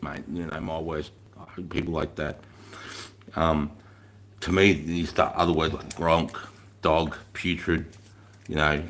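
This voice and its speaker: This livestream host is a middle-aged man with a low, fairly bright voice. Chatting casually, he curses a lot, wanders off on tangents, and keeps laughing while going through comments from viewers.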